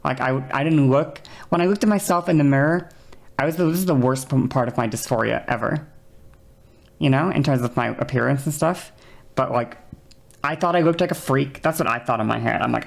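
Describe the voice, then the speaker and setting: A woman's voice: very deep voice, a little fast, gravelly. A young woman streamer chatting candidly and reflectively about her voice, often repeating herself. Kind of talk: casual livestream chat.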